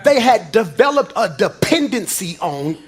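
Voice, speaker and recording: Man, pastor, high voice, shouted preaching then quiet storytelling, church sermon. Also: big pitch swings, a little slow. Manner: swings between shouted preaching and low confiding talk. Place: church before a congregation.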